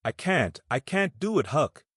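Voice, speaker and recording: Man playing a scared mischievous boy, rustic drawl, high-pitched, dry close recording, audiobook. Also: very animated, a little slow, a bit bright, slightly rough, no echo, full character voice. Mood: frightened. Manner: rustic drawling boyish talk.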